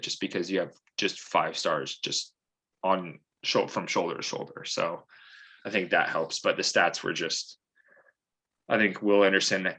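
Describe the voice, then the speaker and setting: Deep-voiced young man, eager sports fan. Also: pushed and bright. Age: young adult. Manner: enthusiastic, chatty fan talk. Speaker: podcast co-host. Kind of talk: casual sports chat.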